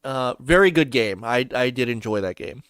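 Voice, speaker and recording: A man's voice: mid-range voice, lively intonation, normal speed, a bit bright, clear, resonant tone, no room sound. A man hosting a video game podcast in casual chat, talking in a loose, chatty way with restarts. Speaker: podcast host.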